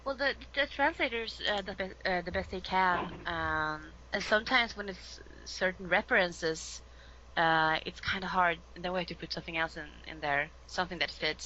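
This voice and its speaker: A lively Swedish woman, speaking English as a second language, chats as an interview guest. Her voice is low-pitched and bright, with a crisp edge. The audio is slightly dull and lo-fi, with a faint hiss behind it. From Sweden. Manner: lively, laughs often, many fillers. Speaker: voice actress guest. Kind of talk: casual interview chat.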